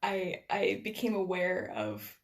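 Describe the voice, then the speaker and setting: Quick-talking American woman with a gravelly edge. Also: mid-range voice, sing-song. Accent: American with a slight Scottish lilt. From United States. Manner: quick, rambling, with many restarts and laughs. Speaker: guest. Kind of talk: casual conversation.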